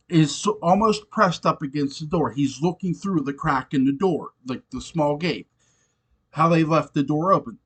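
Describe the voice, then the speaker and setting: A man talking through an old TV episode in a loose, casual review, swearing freely and laughing between his points. His pitch sits a little high for a man and swings widely as he gets worked up. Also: fairly bright tone. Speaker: show reviewer.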